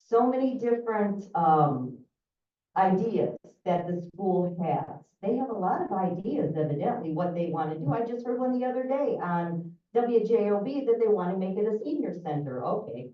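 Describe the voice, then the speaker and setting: Woman pleading at council, swooping pitch, dull lo-fi distant chamber. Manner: impassioned, pleading. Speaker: public commenter. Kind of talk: public comment at a council meeting. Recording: dull, echoey, far from mic.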